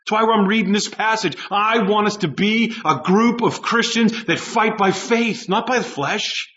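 Impassioned high-voiced preacher, lo-fi. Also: male voice, unhurried. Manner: impassioned preaching, shifts from shouting to low intense tones. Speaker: pastor. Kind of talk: sermon.

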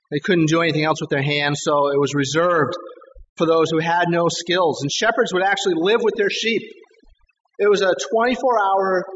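High-voiced preaching man, roomy sound. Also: a bit bright, highs cut off, slight background noise. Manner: earnest, emphatic preaching with slow stressed scripture quotes. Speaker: pastor. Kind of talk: sermon. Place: church sanctuary.

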